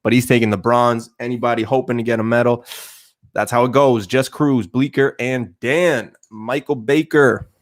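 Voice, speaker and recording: A man's voice: medium pitch, steady tone, moderate pace. Chatty Canadian man hosting a livestream. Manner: chatty and joking, loose with fillers. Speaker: livestream host. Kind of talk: casual chat.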